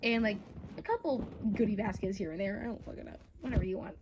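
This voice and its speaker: A woman's voice: mid-range voice, quick pace, lo-fi sound, background noise. A young woman narrating a second-person fan story casually, with swearing and frequent asides. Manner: chatty, swearing, self-interrupting asides. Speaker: fan audio creator and narrator.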